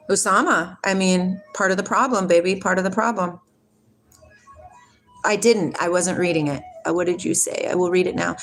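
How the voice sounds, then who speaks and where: A woman hosting a casual spiritual livestream from home. She rambles from topic to topic and reads viewer comments aloud. Her pitch jumps around a lot as she gets worked up. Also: normal speed, long pauses, faint music behind. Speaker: livestream host.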